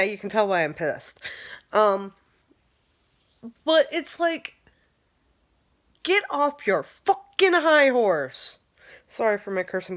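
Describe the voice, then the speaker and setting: A woman's voice: high-pitched, fairly bright tone. Heated, swearing young woman ranting. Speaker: vlogger. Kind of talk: angry personal rant.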